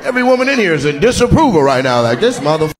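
A man doing stand-up crowd work in a large theater, teasing audience members in with loud bursts. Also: sits high, sing-song, very fast. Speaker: stand-up comedian. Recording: crowd laughter and noise.

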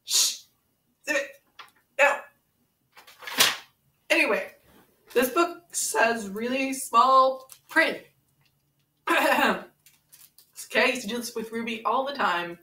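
Woman as brash young fighter, teasing and impatient, bright and high, roomy room, distant mic. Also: animated, slow pace, long pauses, exaggerated voice. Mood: playful. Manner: impatient, teasing, reads aloud in a sing-song voice. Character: brash, pun-loving young woman brawler. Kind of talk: comedic fan parody. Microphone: camera mic set far away.

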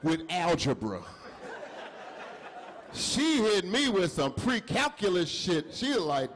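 This middle-aged comic has a high-pitched voice and a slow delivery full of pauses. He tells animated stories with acted-out dialogue in a comedy club set, and faint crowd sounds and laughter can be heard.

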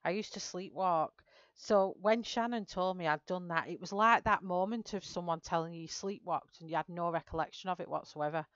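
Chatty woman, smooth low voice. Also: brisk, a bit bright, no echo, dull audio. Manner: chatty, greets viewers mid-story. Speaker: artist livestreaming a coloring session. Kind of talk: casual storytelling while drawing.

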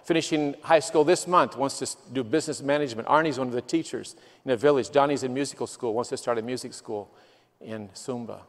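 A man's voice: mid-range voice, fast talker, few pauses. A man giving a missionary's testimony sermon, telling stories in an earnest way that swells with emotion. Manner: earnest storytelling, quoting people, swells with emotion. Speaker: guest missionary. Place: church sanctuary. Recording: long church reverb.

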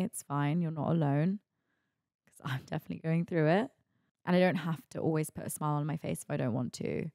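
A woman's voice: sits low, vocal fry, warm tone, no echo. Chatty young woman, dry sound. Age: 20s. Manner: chatty and confessional, lots of "like" and "you know". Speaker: podcast host. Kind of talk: candid solo podcast monologue.

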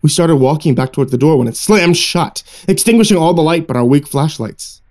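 A man narrating a horror story in a hushed, suspenseful storytelling manner. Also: a little high, animated, fairly quick. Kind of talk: scripted narration.

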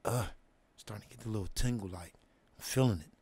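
A man hosting his own show, telling a long story in casual, slang-heavy talk, often dropping to hushed asides and asking if you follow him. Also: on the low side, quick pace, breathy edge, no echo. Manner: drops to hushed asides, asks "you know what I mean?".

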